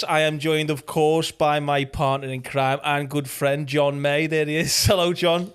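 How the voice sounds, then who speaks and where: A man's voice: fairly high pitch, little pitch movement, a little slow, hardly any pauses, a bit bright, smooth. A man with a Liverpool accent hosting a podcast, chatting casually and laughing between lines. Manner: jokey, laughing as he talks. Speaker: podcast host.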